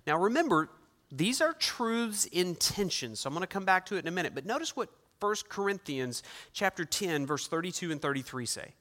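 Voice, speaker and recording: A man's voice: a little high, bright, forceful tone. A middle-aged man preaching a sermon as pastor, emphatic, building his points with repeated phrases. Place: church sanctuary. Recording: long hall reverb.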